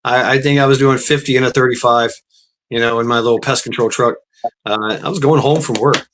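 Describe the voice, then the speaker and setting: A man's voice: medium pitch, steady tone, brisk, noisy background. A man, telling a story in a profane, rambling way and often repeating words. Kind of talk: casual storytelling.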